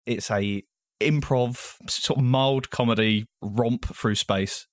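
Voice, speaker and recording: A male podcast guest chatting casually, giving dry, halting explanations. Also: medium pitch, steady tone, dry recording. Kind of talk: casual comedy podcast chat.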